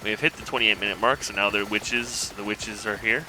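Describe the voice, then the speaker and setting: A man casually commenting on his own gameplay, thinking aloud in a relaxed, rambling way. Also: on the low side, a little fast, background noise. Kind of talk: casual let's-play commentary.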